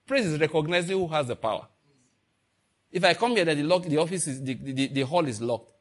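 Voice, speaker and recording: A man's voice: on the high side, animated, fairly quick. A man preaching a sermon to his congregation, acting out little dialogues and laughing along the way. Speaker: pastor.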